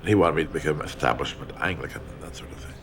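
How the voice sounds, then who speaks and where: An older man in a documentary interview, speaking in a halting way, repeating words and trailing off into a whisper. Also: very deep voice, slight background noise.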